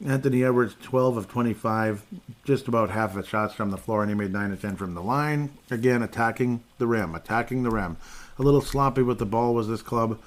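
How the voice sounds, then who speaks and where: A man's voice: mid-range voice, moderate pace. A man hosting a casual sports podcast, rambling through game stats with sarcastic asides and frequent laughs. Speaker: podcast host.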